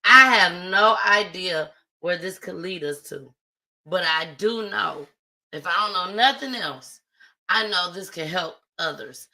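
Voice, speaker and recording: Speaking unhurriedly in a lowish, bright, forceful voice, a female livestream host chats warmly and sincerely, addressing her viewers head-on. The audio quality is poor.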